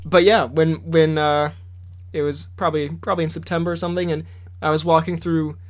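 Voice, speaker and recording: A young man with a high, light voice co-hosts a casual podcast. He tells stories at a quick clip and laughs often. A faint hum sits under the recording. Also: level tone. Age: young adult. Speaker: podcast co-host. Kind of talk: casual chat. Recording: slight background hum.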